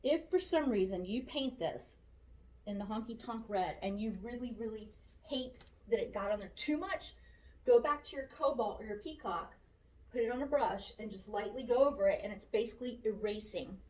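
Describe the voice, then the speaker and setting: A woman's voice: on the high side, moderate pace, a little mellow, slight background noise. A woman demonstrating a furniture painting technique, casually talking through each brush stroke as she works and repeating her steps aloud. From Florida, USA. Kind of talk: casual how-to narration while working. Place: shop workspace. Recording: echoey room, voice from a distance.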